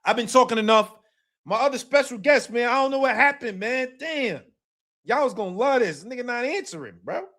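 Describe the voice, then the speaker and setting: High-voiced man hosting boxing talk. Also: lively intonation, fairly quick, fairly bright tone. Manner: emphatic, repeats himself, slangy. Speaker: boxing talk show host. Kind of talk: casual livestream boxing commentary.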